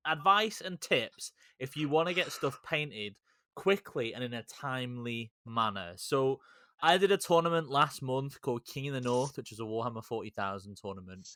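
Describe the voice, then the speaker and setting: A man's voice: mid-range voice, animated, moderate pace, pushed and bright, no echo. A man hosting a podcast in casual chat, rambling, teasing and swearing freely. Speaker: podcast host.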